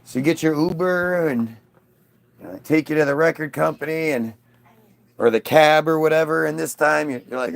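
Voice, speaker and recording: A man telling a swearing, animated story, acting out the lines of the people in it. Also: on the high side, normal speed, creaky. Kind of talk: profane anecdote with acted-out voices.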